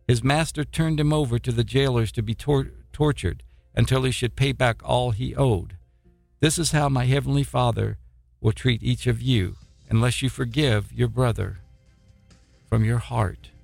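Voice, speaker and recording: A man preaching a sermon, reading scripture and explaining it in a halting way, with repeated words and fillers. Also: mid-range voice, creaky, dry recording.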